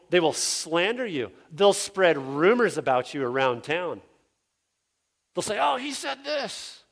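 A man preaching an expository sermon as a pastor, earnest, dropping low and quiet for scripture and rising when he voices objectors.

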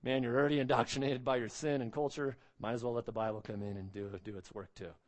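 A man's voice: medium pitch, level tone, fast. A man preaching an expository sermon, emphatic, repeating phrases and asking rhetorical questions.

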